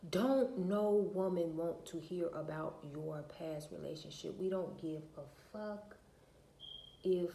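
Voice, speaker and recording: A woman's voice: fairly low pitch, warm tone, a little hiss or hum. A woman, venting bluntly and profanely to her viewers in a casual rant. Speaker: vlogger. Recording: echoey room.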